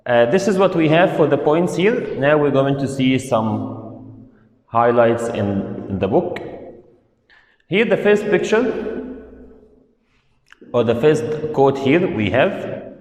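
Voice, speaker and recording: A man teaching an online literature lesson, reading quotes aloud and explaining them. He talks slowly and deliberately, rephrasing his points and filling pauses with "uh". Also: mid-range voice, big pitch swings, a little mellow. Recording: roomy with a long echo.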